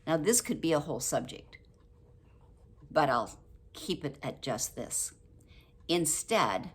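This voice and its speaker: An older woman talking casually to camera about a book, chatty and quick to laugh, acting out example phrases. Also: low voice, a bit bright, husky. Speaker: book review vlogger.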